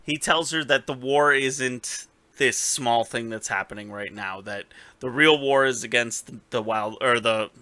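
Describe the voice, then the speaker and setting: Bright, dry-voiced man retelling a show. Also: mid-range voice, unhurried, hardly any pauses, no room sound. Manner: animated storytelling, swearing, acting out characters' lines. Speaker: podcast co-host. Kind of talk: casual recap chat.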